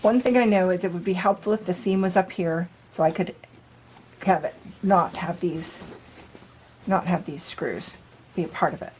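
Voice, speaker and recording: A woman's voice: on the low side, normal speed, a little mellow, a little hiss or hum, poor audio. A woman vlogging as she works on a project, chatting casually and thinking aloud in an upbeat way. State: out of breath at times. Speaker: DIY vlogger. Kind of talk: casual talk-through while working. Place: camper interior.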